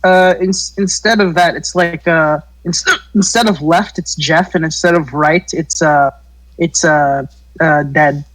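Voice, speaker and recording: A man co-hosting a casual tabletop gaming podcast, talking haltingly with many fillers and casual swearing. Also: fairly high pitch, steady tone, fairly bright tone, low-quality recording. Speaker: podcast co-host. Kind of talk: casual chat among friends.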